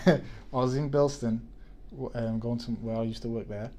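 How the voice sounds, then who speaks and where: A man's voice: medium pitch, steady tone, moderate pace, darkish tone. A man, chatting on a podcast and telling a story with many restarts. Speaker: podcast co-host. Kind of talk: casual chat.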